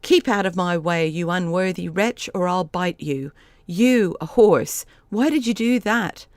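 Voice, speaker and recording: A woman voicing a gruff old male cab horse who scolds bluntly, read for an audiobook. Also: lowish voice, measured pace, darkish tone, dry recording, close to an everyday voice. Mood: angry. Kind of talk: audiobook character voice.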